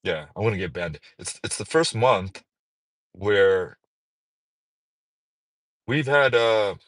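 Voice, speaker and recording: A man's voice: animated, takes it slowly, fairly bright tone, no echo. A man chatting casually on a livestream while out at a mall, rambling, joking and swearing freely. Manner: rambling, playful, swears freely, sudden singing and high-pitched bits. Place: outdoors at a mall parking area.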